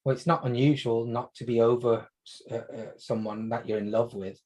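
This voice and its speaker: A man playing a calm family doctor in a role-play consultation, asking gentle, reassuring questions. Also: medium pitch, normal speed, natural voice.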